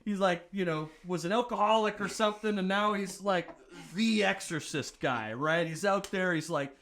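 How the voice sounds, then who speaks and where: A man in casual podcast chat, animated, acting out quoted dialogue and filling with "like". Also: sits high, normal speed, few pauses. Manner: heavy use of filler "like".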